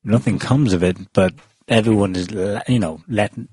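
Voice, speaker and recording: A man with a low, husky voice hosts a relaxed panel talk. He rambles with ums and restarts. The sound is dry and close. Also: normal speed, no echo. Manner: chatty, many ums and restarts. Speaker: podcast host. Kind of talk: casual panel discussion.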